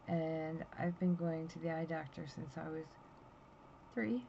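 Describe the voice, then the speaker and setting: Talking casually into her phone camera, a woman vlogger in her fifties tells a story in an anxious, rambling way, yawning with tiredness. Her voice is deep, gravelly and mellow, a little slow, and the recording sounds dull and lo-fi with faint noise.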